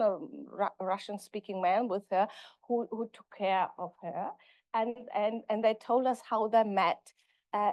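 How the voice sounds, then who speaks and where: Female linguistics professor, higher-pitched, giving a conference lecture, halting and self-correcting, close dry sound. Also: no room sound.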